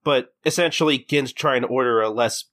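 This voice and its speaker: A man co-hosting a podcast, recapping a manga chapter in casual chat and jumping into high, quoted character voices as he retells the scenes. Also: normal speed, a bit bright. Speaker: podcast co-host.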